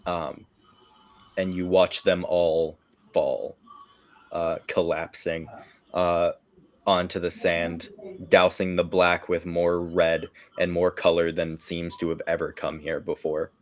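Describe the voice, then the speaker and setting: Very low, slow-talking game master. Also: male voice, level tone. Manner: slow, halting narration with many fillers. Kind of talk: narrating a tabletop game.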